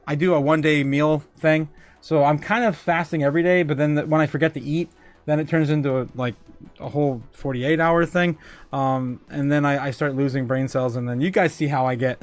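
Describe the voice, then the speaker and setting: A man hosting a casual livestream who reads out viewer comments, rambling and joking and laughing often. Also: a little high. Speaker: livestream host.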